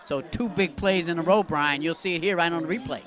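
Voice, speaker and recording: A man calling a local high school football game as play-by-play announcer from the press booth. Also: a little fast. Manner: excited shouting on big plays. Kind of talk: local sports commentary. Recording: loud crowd and music behind.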